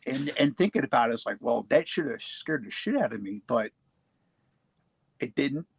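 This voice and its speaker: A man in his forties casually telling his own ghost encounters, halting and restarting often, laughing easily. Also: medium pitch, lively intonation, breathy edge, dry recording. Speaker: paranormal show guest telling his experiences. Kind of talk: casual storytelling.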